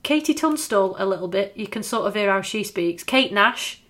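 A woman, co-hosting a relaxed chat, agreeable with blunt asides. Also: medium pitch, moderate pace. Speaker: podcast co-host. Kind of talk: casual chat.

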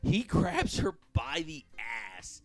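A man's voice: on the high side, slow, a crowd in the background. A man casually telling a long, profane story to friends, laughing and acting out the people in it. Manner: animated, profane, laughing storyteller who acts out quotes. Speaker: podcast co-host telling a story.

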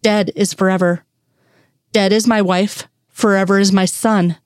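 A woman reading the lines of a bitter, grieving widowed man who talks curtly and roughly. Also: medium pitch, steady tone, a little slow, no echo, clean studio sound, natural voice. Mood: anguished. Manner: curt, rough and raw.

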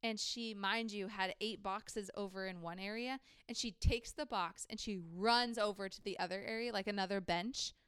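A young woman chats into a podcast mic, spinning a long story from work and leaning on "like" at every turn. Her voice is smooth and clear, and the sound is dry and close with no room around it. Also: medium pitch, steady tone, normal speed, few pauses, a bit bright, no room sound. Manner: chatty, heavy use of "like", acts out quoted people. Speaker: podcast co-host. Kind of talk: casual storytelling chat.

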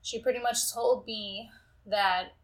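A woman's voice: on the high side, fairly even intonation, takes it slowly, poor audio. A young woman in casual chat, blunt and self-deprecating, who swears and asks the questions.

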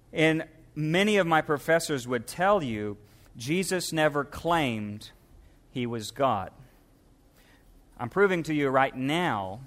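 A man preaching with emphasis, his voice sitting a little high for a man. He reads scripture aloud and hammers home his points, slowing down on the words that matter. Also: a bit bright. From United States. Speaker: pastor. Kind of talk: sermon.

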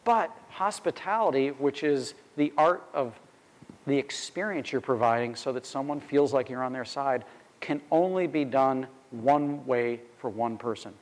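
A man's voice: medium pitch, unhurried. Man speaking in a reverberant hall. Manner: conversational, uses quoted dialogue and asides. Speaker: restaurant executive speaking on hospitality. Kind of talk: talk.

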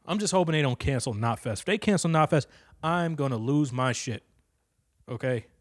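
A man's voice: mid-range voice, animated, moderate pace, no echo, clean studio sound. A young man hosting his own podcast alone, talking in a blunt, profane and rambling way into a stand-up comedy mic. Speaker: podcast host. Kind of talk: casual solo podcast monologue. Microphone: handheld stand-up comedy mic on a stand.

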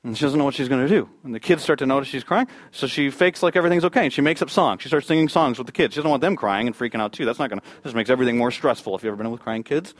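A man preaching a sermon, telling a story and building to loud high peaks before dropping to a near hush. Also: racing, few pauses, no room sound. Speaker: pastor.

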